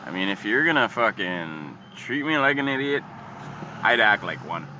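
A man's voice: fairly low pitch, very animated, moderate pace. A man delivering a heated, profane comedic rant, rambling and repeating himself. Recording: street recording with traffic noise. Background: passing cars.

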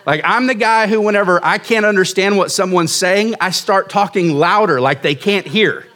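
Fairly high-voiced pastor in his forties. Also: moderate pace, bright, forceful tone. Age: 40s. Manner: casual, self-mocking storytelling. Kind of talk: sermon with personal storytelling.

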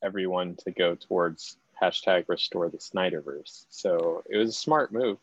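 Brief: low, gravelly-voiced male podcast guest, dry and dull lo-fi recording. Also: moderate pace, no room sound. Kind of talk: casual film review chat.

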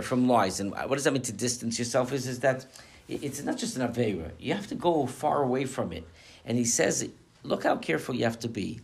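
A man, a rabbi, giving a lively Torah class to a live audience, joking and throwing out rhetorical questions, with Yiddish and Hebrew terms mixed in. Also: medium pitch, creaky.

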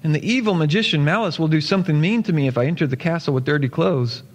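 A man's voice: a little high, fast talker, lightly acted. A man doing a timid young priest. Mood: anxious. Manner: hesitant, stammering. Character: humble young male priest, timid and nervous. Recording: long church hall reverb.

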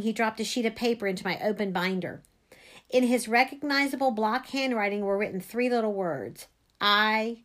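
A woman reading a first-person story aloud, expressive. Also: a little high. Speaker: reader.

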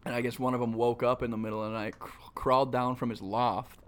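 A man in his twenties from Minnesota co-hosts a podcast, talking fast in a clear, resonant, medium-pitched voice with flat delivery. In casual chat, he tells crude stories full of swearing and laughter.

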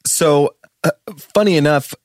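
A podcast co-host with a fairly high voice speaks a little slowly, with no room sound in the recording. He chats in an easygoing way about studio production, laughing as he explains things.

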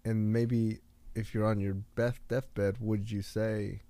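A man with a low, warm, mellow voice sharing stories and life lessons in an earnest, motivational tone. The sound is dry and close to the mic. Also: level tone, slow, no room sound. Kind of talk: casual podcast chat.

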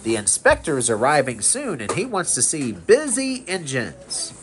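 A father voicing a cheerful, eager little train engine in a raised, bright voice while reading a storybook aloud. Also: mid-range voice, wildly swooping pitch, moderate pace, soft background music.

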